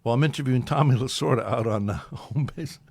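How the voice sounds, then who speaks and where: Husky and creaky, this man's medium-pitched voice moves at a quick pace with no echo. He hosts a local talk radio show and rambles through an anecdote in casual talk, animatedly doing other people's voices.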